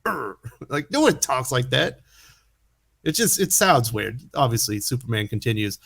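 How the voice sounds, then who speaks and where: A man's voice: medium pitch, normal speed, creaky, a bit bright. A man hosting a comic book commentary, sarcastic and incredulous, often chuckling at what he reads. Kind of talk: opinion commentary.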